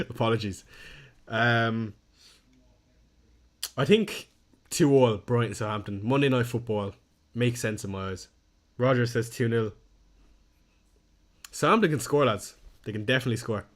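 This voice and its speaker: Speaking unhurriedly at medium pitch with frequent pauses, a young man chats on his fantasy football live stream. He reads the chat aloud and pokes fun at his own slip-ups in a self-deprecating way.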